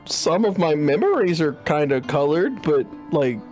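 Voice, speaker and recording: Excitable man with a lively voice. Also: fairly high pitch, measured pace, faint music behind. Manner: excitable, trailing off into fillers. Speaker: player. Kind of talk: casual chat during a tabletop game.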